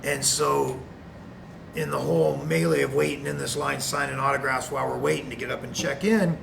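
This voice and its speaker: A middle-aged man from Canada, a retired wrestler telling an animated anecdote as a guest on a video call. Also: mid-range voice, brisk, creaky, noisy background. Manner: animated, acts out quotes. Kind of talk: anecdote storytelling.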